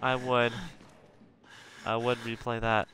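Slow-talking young man streaming a game. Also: mid-range voice, completely flat delivery, noisy background. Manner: rambling, talks to his viewers, shrieks after a jump scare. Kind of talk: live gameplay commentary.

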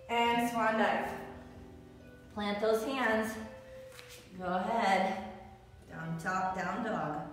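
Woman calling yoga cues, very echoey room. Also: mid-range voice. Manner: calls out short rhythmic pose cues, encouraging. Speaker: yoga instructor. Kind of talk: guided yoga class cues. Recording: distant echoey hall with faint music.

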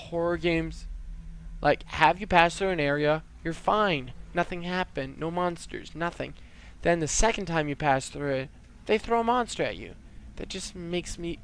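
A man with a smooth, clear voice, a little high, narrates a horror game in a slow, drawn-out way. He sounds jittery and keeps talking back to the game and to his viewers. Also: fairly bright tone. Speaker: let's play host.

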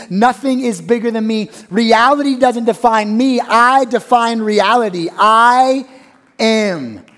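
Man, pastor, sermon, high voice, church, loud-to-hushed dynamic delivery. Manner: dynamic preaching, swinging between loud high exclamations and low hushed lines.

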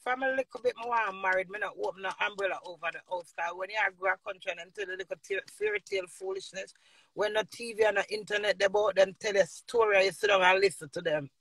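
A woman's voice: mid-range voice, lively intonation, fast talker, fairly bright tone, husky. A middle-aged woman from Jamaica with a Jamaican accent, ranting boisterously to her viewers in patois and laughing often. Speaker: vlogger. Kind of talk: casual rambling rant to viewers.

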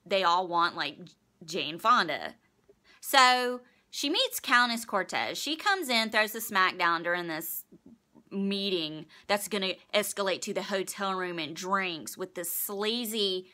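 Bright-voiced chatty woman recapping a show. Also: mid-range voice. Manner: chatty, profane, acts out characters' lines in quotes. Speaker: podcast host recapping a TV episode. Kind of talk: casual recap monologue.

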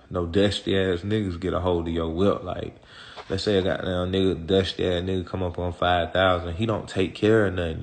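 A man with a fairly low voice holds forth as an interview guest. He talks in loose street slang, rambling from point to point, cursing freely and checking in with the listener over and over. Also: vocal fry, a little hiss or hum. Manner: rambling, slang-heavy and profane, constant "you feel me". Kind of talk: casual street talk.

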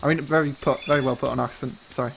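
A man's voice: medium pitch, steady tone, rapid-fire, creaky, background noise. A man streaming a game, chattering nervously and jokingly while pleading with his captors over a headset mic. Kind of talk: live game stream chat.

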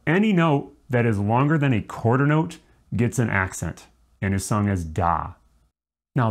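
Male music teacher, mid-range voice, clear step-by-step explanation. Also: mid-range voice. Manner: demonstrates articulation by singing syllables. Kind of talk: instructional explanation.

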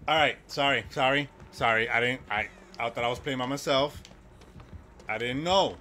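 A man's voice: mid-range voice, normal speed, pushed and bright, a little hiss or hum. A man streaming a video game, chatting loosely with his viewers and reacting to the game as he plays. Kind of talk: casual live-stream chat while gaming.

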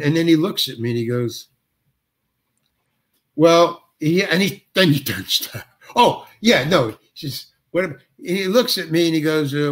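Older man, guest storyteller, slightly high voice, acts out every line of dialogue. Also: normal speed. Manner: acts out dialogue with lively shifts of voice. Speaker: guest actor. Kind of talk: storytelling anecdote.

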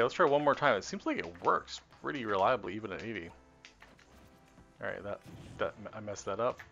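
A man with a lowish, bright, forceful voice rambles to himself as he tests game combos on a live stream, trailing off and restarting his thoughts. The audio is dull and lo-fi, with faint game music underneath. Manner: rambling, self-correcting, talks to himself while testing. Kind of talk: casual live-stream commentary while playing.

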